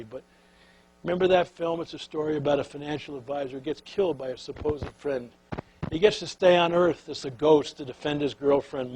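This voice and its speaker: Husky older man telling a folksy story. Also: medium pitch, low-quality recording. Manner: folksy, animated storyteller, drops to soft near-whisper. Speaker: speaker on leadership. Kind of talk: storytelling talk.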